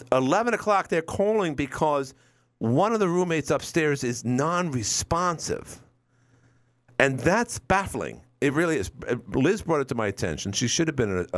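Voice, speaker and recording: A middle-aged man hosting a call-in radio talk show, rambling through stories and acting out quotes. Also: on the high side. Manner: rambling storyteller, acts out quotes.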